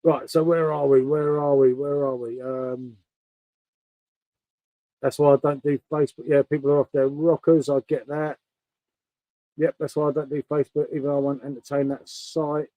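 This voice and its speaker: Rambling bloke, mellow voice. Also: male voice, fairly high pitch, little pitch movement, moderate pace, dry recording, poor audio. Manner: rambling, matey, talks to viewers. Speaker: live stream host. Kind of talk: casual chat, beer tasting stream.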